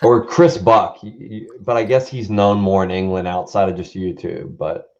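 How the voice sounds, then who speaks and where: A man co-hosting a casual live-stream chat about guitar players, relaxed and rambling, often laughing. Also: sits low, normal speed. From Canada. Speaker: co-host. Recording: slightly dull lo-fi audio.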